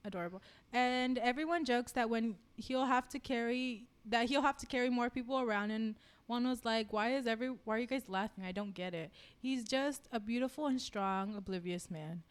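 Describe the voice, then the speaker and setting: A woman co-hosting a podcast, reading fan fiction aloud and chatting in an animated, giggly way. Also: fairly high pitch, normal speed, few pauses, clear, resonant tone. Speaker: podcast co-host.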